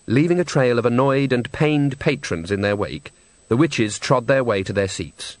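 A man's voice: mid-range voice, normal speed, no echo. A man narrating a comic fantasy novel in a wry, storytelling manner. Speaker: audiobook narrator. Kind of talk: scripted narration.

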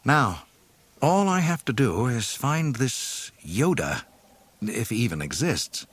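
A man's voice: medium pitch, sing-song, slow pace, breathy edge, voice pushed up, exaggerated voice. A man voicing a weary, uneasy young male pilot stranded in a swamp, sounding glum.

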